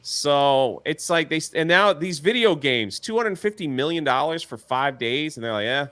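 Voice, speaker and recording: A man's voice: on the high side, lively intonation, moderate pace, a bit bright. A man co-hosting a casual chat show, rambling loosely, trailing off and laughing as he talks. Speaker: co-host.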